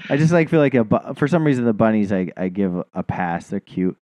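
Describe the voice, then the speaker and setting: Podcast co-host, male, swearing storyteller, very lively pitch. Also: fairly quick, no echo. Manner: profane, rambling, self-mocking. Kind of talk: casual storytelling chat.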